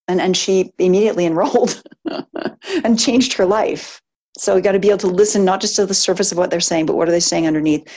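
A woman's voice: lowish voice, steady tone, quick pace. A woman coaching a group of entrepreneurs in a live session. She talks in an encouraging, emphatic way, laying out numbered steps and checking in with her listeners. Her delivery is loose and conversational, with fillers and restarts. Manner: warm, encouraging, with frequent laughs and fillers. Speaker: business coach.

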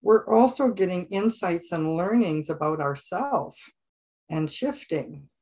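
Slow, thoughtful woman student, low voice. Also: animated, warm tone. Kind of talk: sharing in a class.

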